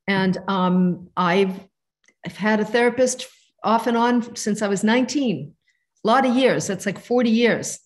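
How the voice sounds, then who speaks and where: A woman in her fifties teaching a meditation lesson over a video call, gentle and conversational. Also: medium pitch, a little slow. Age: 50s. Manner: warm, gentle, conversational with soft asides. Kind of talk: live online teaching.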